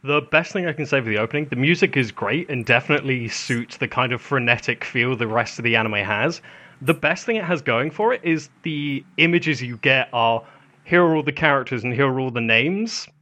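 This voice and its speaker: Bright-voiced man chatting about anime. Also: medium pitch, a little fast. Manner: laughs often, relaxed chatty delivery. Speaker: podcast co-host. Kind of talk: casual anime podcast chat.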